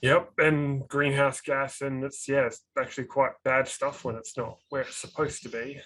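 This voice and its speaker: A man's voice: mid-range voice, level tone, normal speed, fairly bright tone, rough recording. A man co-hosting a casual podcast, a father who jokes and banters with his guest and laughs easily. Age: adult parent. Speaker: podcast co-host.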